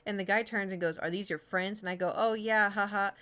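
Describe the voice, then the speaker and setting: A woman's voice: medium pitch, steady tone, fast talker, a bit bright. Giggly, chatty woman streamer from Oklahoma. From Oklahoma, USA. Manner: giggly, self-mocking, chatty with many fillers. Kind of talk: casual chat reading old diary entries aloud.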